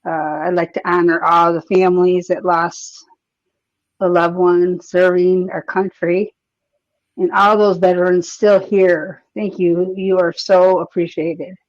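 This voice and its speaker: Caller, slow and flat delivery, heartfelt, hesitant, dry lo-fi call sound. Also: mid-range voice, no echo. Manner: hesitant and heartfelt, full of restarts. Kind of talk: casual call-in chat. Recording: dull lo-fi call audio.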